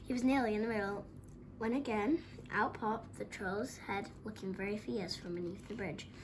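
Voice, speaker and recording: A woman reading a children's storybook aloud in an expressive, dramatic way. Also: medium pitch, normal speed, a little hiss or hum.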